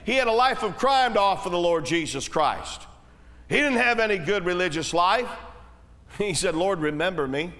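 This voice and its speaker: A man preaching a sermon in a folksy, conversational way, swelling to emphatic peaks and then dropping low and slow, in a church hall. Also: expressive, a bit bright. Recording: long reverb of a church hall.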